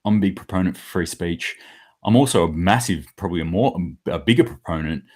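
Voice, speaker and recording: A man's voice: low voice, a little fast, a little mellow. A man hosting his own daily preparedness commentary, talking casually and bluntly, rambling a little and swearing now and then. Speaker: host of a daily preparedness news show.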